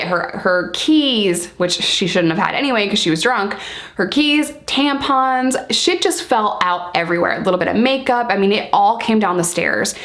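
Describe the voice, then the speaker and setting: Woman vlogger, medium-pitched, blunt and candid storyteller with casual swearing who keeps talking to her viewers directly. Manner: lively, speeds up and slows down for emphasis. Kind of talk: casual storytime, told to camera.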